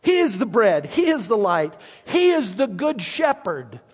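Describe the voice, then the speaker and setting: High-voiced pastor preaching slowly in a hall. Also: male voice, big pitch swings, breathy edge. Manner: emphatic, repeats words when restarting. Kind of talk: sermon.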